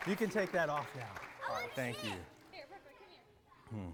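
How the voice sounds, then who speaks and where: Amid crowd noise and a noisy background, a man with a mid-range, sing-song voice speaks unhurriedly and pauses often as he leads a children's church activity. He gives upbeat, coaxing instructions and checks frequently that the kids understand, in a large platformed room with the long reverb of a big hall.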